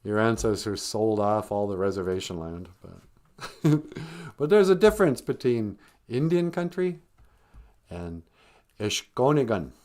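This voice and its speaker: Man, live stream host, lively pitch, slow unhurried delivery, playful mock-scolding, laughs often. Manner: switches to grumpy old-man voice for jokes. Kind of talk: joking one-man live stream chat.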